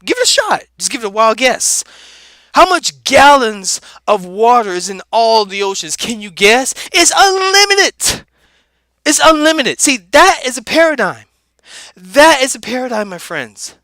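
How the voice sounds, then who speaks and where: A man does a comedic character voice that's laid-back, high-pitched, and street-talking, launching into an animated, preachy motivational rant full of repeated words. There's no room sound at all.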